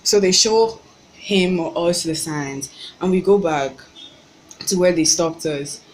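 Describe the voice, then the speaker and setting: Young woman, Nigerian accent, lowish voice, animated exasperated storytelling, ranting vlog. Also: slow, a little hiss or hum, low-quality recording. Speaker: vlogger.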